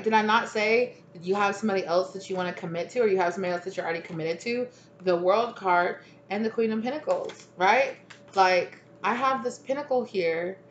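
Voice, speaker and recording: A woman's voice: medium pitch, muffled recording. A woman talks through a tarot spread in a casual, chatty way, swearing freely and playing out what people might say. Her voice sits in the middle range. The recording has a roomy echo and a faint background noise. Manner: chatty, swears freely, laughs, acts out quoted lines. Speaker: tarot reader. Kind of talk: casual spoken tarot reading.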